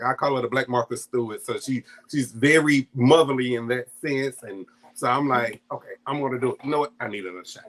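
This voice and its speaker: Male storyteller, casual and animated, mid-pitched, laughs a lot, acts out the quotes. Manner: animated, laughs often between lines; acts out quoted family voices. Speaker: guest storyteller.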